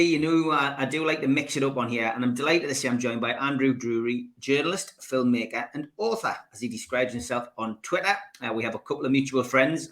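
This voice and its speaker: Middle-aged male host, bright forceful tone, chatty, halting, repeats words. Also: mid-range voice. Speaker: podcast host. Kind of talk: casual interview.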